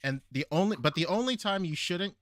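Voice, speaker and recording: A Filipino American man hosting a podcast, telling stories in an animated way with frequent laughs. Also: high-pitched, fairly quick, no echo. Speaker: podcast host. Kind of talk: casual chat.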